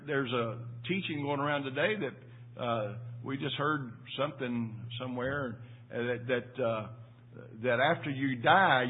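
Through a tinny, phone-like recording, an older man with a husky, medium-pitched voice delivers a sermon. He's a pastor with a folksy storytelling style who repeats himself often.

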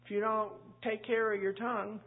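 A woman's voice: medium pitch, flat delivery, normal speed, breathy edge. A woman pastor teaching a Bible study in a chatty, anecdotal way, full of asides. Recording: tinny phone-like line.

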